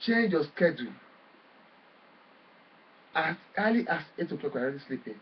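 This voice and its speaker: A man preaching a sermon forcefully, swinging between loud bursts and quiet drops. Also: a little high, lively intonation, brisk, pauses often, distant mic, dull audio, a little hiss or hum.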